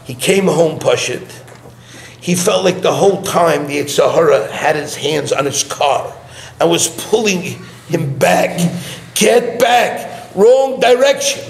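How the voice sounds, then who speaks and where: A man's voice: on the high side, measured pace, vocal fry. A middle-aged man, a rabbi, telling a story in a sermon and acting out its dialogue with animation. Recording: echoey room, faint background hum.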